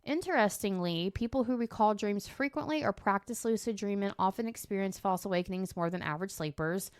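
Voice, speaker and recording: A woman's voice: mid-range voice, brisk, clear, resonant tone, no room sound. A woman co-hosting a podcast who reads research aloud in a casual chat and riffs on it bluntly, with some swearing. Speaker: podcast co-host.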